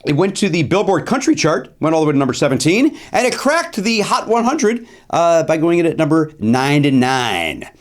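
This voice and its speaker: A man's voice: on the high side, big pitch swings, moderate pace, few pauses. A middle-aged man hosting a comedic solo podcast from a studio, talking in a wry, self-deprecating way with rambling asides. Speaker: podcast host.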